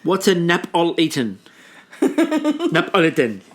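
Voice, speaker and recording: A man's voice: fairly high pitch, lively intonation, moderate pace, a loud crowd. An Australian man co-hosting a casual podcast, joking and laughing often as he chats. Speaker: podcast co-host. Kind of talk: casual chat.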